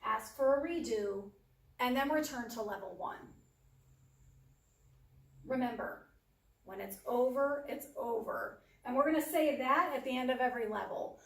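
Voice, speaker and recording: A woman presents a parenting workshop in a practical, down-to-earth way and briefly acts out the parent's side of each example. Her voice sits a little high for a woman. She sounds distant from the mic, and the room echoes noticeably. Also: measured pace, long pauses, fairly bright tone.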